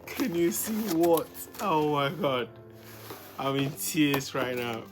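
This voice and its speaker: A woman with a low, unhurried voice hosts a casual unboxing vlog. She gushes and keeps repeating her exclamations, with music playing clearly under her. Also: expressive. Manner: gushing, repeats exclamations over and over. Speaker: vlogger.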